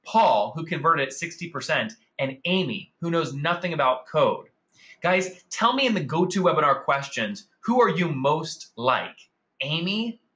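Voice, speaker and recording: A man's voice: fairly high pitch, pushed and bright, lo-fi sound. A man hosting a marketing webinar, talking enthusiastically and calling out attendees by name. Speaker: webinar host. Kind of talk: upbeat marketing webinar presentation.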